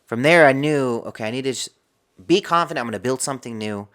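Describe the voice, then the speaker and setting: A man's voice: mid-range voice, quick pace, fairly bright tone, clean tone. A man as a podcast guest, telling a personal story and acting out his own inner dialogue.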